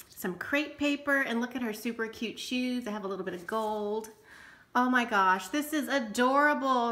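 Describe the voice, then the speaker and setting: Female vlog host, excitable and gushing, slightly high voice, casual unboxing chat. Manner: gushing, excited, quick-talking. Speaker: crafting channel host.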